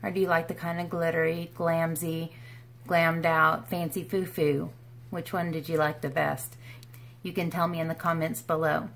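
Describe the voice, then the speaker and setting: A woman's voice: sits low, little pitch movement, moderate pace, fairly bright tone. A woman chatting through a makeup tutorial in her room at home, in a bubbly, rambling way. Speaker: beauty vlogger. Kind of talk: casual makeup tutorial chat.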